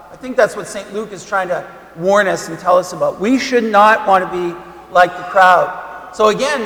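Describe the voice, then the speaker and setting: A high-pitched man preaches a homily in a loose, conversational way, leaning on fillers and repeating his key points for emphasis. The recording is roomy, with the long reverb of a church hall. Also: a bit bright. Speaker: Catholic priest.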